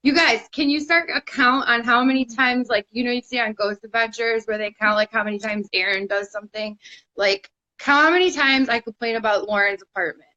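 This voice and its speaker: A woman's voice: on the high side, a little fast, bright, forceful tone, muffled recording. A woman co-hosting a live online paranormal show, chatting casually and rambling with fillers. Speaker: co-host. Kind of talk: casual live-stream chat. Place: hot apartment.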